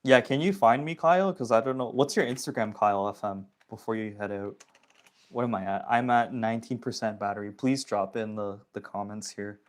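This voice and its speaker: A young man from the Toronto area in Canada chats casually with viewers on a phone livestream, using slang and reading chat comments aloud. His voice is lowish and his pace fairly quick.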